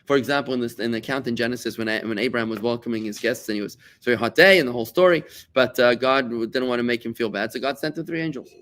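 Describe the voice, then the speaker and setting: A middle-aged rabbi from South Africa teaching a Torah class, animated and repeating words as he searches for them. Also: mid-range voice, rapid-fire, hardly any pauses. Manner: animated, repeats words while searching, acts out quoted voices.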